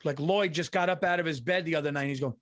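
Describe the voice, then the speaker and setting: A man's voice: fairly high pitch, very fast, fairly bright tone. A man telling a rambling, profane story as a podcast co-host in casual chat.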